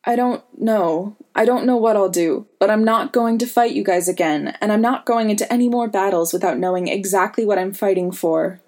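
A woman's voice: mid-range voice, moderate pace, few pauses, a little mellow, natural voice. A woman reading the part of an earnest young male hero who pleads with and reassures his friends. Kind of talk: audiobook reading.

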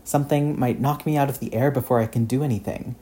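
A man's voice: mid-range voice, fairly even intonation, mellow, pitched above the performer's own voice, natural voice. A man voicing Peter Parker, earnest stammering teen. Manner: halting, stammering restarts. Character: earnest shaken teenage boy hero.

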